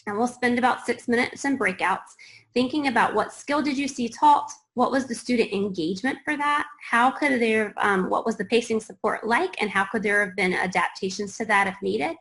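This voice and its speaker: A woman's voice: fairly high pitch, moderate pace, a bit bright, low-quality recording. A woman presenting an online webinar for school leaders, talking conversationally and thinking aloud with fillers.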